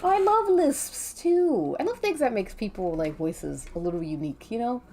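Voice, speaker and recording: A woman's voice: on the high side, very animated, moderate pace, darkish tone. A woman with a light Latina accent, chatting casually with her stream chat in a playful, talkative way. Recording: faint background music.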